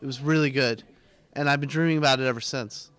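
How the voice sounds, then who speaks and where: A young man hosting a casual live student TV segment, joking and mock-pompous with quick asides. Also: mid-range voice, steady tone, fairly bright tone, clean tone, dry recording. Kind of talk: casual live-stream banter. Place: small studio room.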